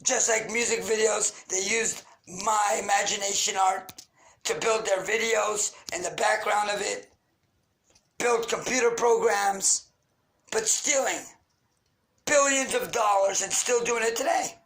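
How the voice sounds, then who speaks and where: A man's voice: high-pitched, unhurried, a bit bright, poor audio. A man rants into the camera, angry and accusatory. He fires off grievances and insults in a raw, unscripted monologue. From Queens, New York. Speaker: vlogger. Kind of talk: ranting monologue.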